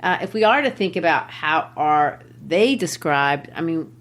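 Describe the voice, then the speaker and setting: A woman podcast host who reads a story aloud in a measured, deliberate way, pausing between phrases, then discusses it like a teacher. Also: low voice, animated, a bit bright. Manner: measured, deliberate reading with pauses.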